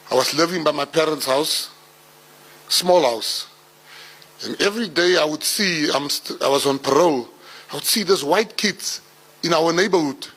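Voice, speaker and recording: A South African man in his forties, telling life stories to an audience in an animated way, building to laughing punchlines. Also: fairly high pitch, low-quality recording. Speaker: public speaker. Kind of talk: storytelling talk.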